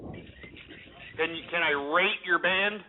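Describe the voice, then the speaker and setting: A man's voice: high-pitched, fairly even intonation, takes it slowly, background noise. A man hosting a call-in radio show, ranting and insulting callers in an abrasive manner. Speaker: radio host. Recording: tinny phone-like audio.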